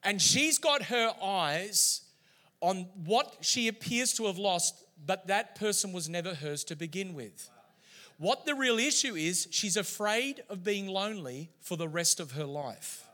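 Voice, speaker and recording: A middle-aged man preaching a sermon, telling stories in an animated way. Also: high voice, a little slow. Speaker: pastor.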